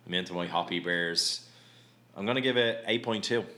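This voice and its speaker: A man's voice: deep voice, normal speed, pushed and bright. A man hosting a podcast, chatting casually, joking and swearing freely. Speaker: podcast host. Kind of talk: casual chat.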